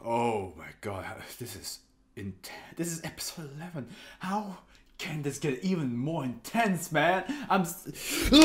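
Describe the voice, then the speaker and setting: A man's voice: fairly high pitch, big pitch swings, measured pace. A man hosting an anime reaction video, chatting casually while he stands, jokey and laughing often.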